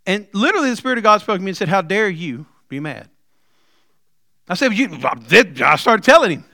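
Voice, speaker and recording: High bright preacher man. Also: sing-song, racing, dry recording, clean studio sound. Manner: folksy storytelling with humor, rising to loud emphatic preaching. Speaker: pastor. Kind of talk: sermon.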